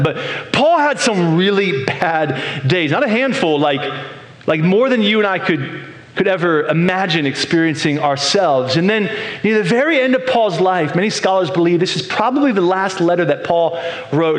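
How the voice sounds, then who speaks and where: A man preaching a sermon with a fairly high voice. He talks in a loose, conversational way and circles back over his words as he builds each point. The sound carries a clear room echo. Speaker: pastor.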